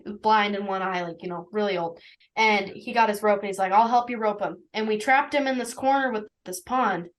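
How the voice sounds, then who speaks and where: A woman's voice: medium pitch, fairly quick, a bit bright, poor audio. A teenage girl telling a story casually as a guest, rambling and full of fillers like "like" and "anywho.". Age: teens. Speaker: young shepherd guest.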